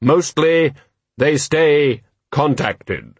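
A grim, unhurried supernatural rider, voiced by a man, every word slow and flat. The voice sits near the reader's own low, husky tone and sounds close and dry. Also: no echo, full character voice. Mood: deadpan.

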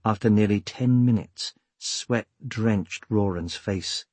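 A man narrating an audiobook with measured, steady storytelling. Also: on the low side, no echo. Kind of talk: scripted narration.

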